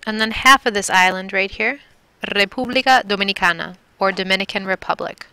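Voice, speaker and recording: Bright, crisp woman teaching Spanish. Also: mid-range voice, a little fast, no echo. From Milwaukee, Wisconsin, USA. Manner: clear, patient, repeats and drills words. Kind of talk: recorded classroom lesson.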